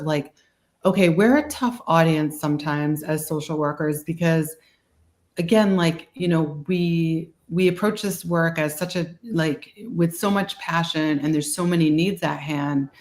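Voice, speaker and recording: A woman's voice: deep voice, roomy sound. A woman with a Boston accent speaks as a guest in a webinar on a video call. She rambles casually and fills her talk with "like" and "you know.".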